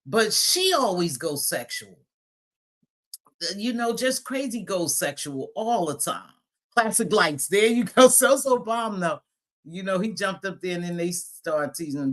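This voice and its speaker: A woman with a lowish, fairly bright and expressive voice talks at normal speed while hosting a casual live chat stream. She's blunt and profane, laughs often, and greets viewers as she goes.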